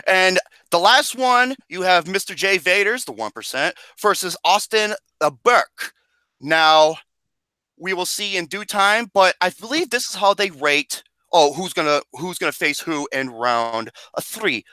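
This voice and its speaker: A man hosting a movie podcast, talking loudly in crude, excitable, joking banter. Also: sits high, measured pace, dry recording, rough recording. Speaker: podcast host. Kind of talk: casual chat.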